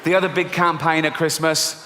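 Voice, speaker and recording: A middle-aged man doing a stand-up comedy routine, with lively delivery and deadpan punchlines. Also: a little high, a little fast, a crowd in the background, noisy background. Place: large theatre stage. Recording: live theatre with long hall reverb. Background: audience laughter.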